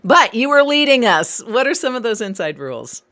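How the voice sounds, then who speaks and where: A woman's voice: a little high, big pitch swings, moderate pace, a bit bright. A woman co-hosting a podcast interview, framing questions and affirming the guest. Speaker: podcast co-host. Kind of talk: interview conversation.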